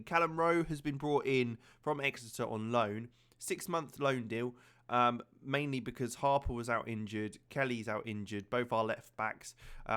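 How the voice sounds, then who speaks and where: A man casually commentating his own football management game, chatty and prone to fillers, getting excited at key moments. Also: mid-range voice, clear, resonant tone. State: slightly out of breath. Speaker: gaming channel host.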